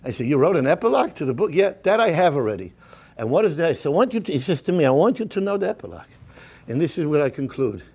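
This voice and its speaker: A high-voiced middle-aged man delivers a sermon as a rabbi. He moves from hushed, whispered storytelling to fervent, rising exhortation. His speech is peppered with Yiddish and Hebrew phrases. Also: very animated, fast talker, creaky, breathy edge. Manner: impassioned, shifting between hushed whispers and rising fervor. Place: synagogue.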